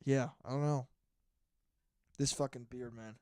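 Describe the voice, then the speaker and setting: Speaking at a measured pace in a smooth, mid-range voice, a podcast host in his twenties goes off alone on an animated, rambling rant full of profanity, in a casual monologue.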